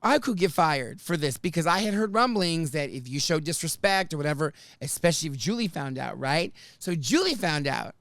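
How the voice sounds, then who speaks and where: A man hosts a podcast, swapping into quoted voices and cursing as he tells his story. His pitch swoops widely through the telling. The sound is dry and close, with no room around it. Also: a little fast, hardly any pauses, no room sound. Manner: animated, swears freely, acts out quoted voices. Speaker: podcast host. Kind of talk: casual storytelling chat.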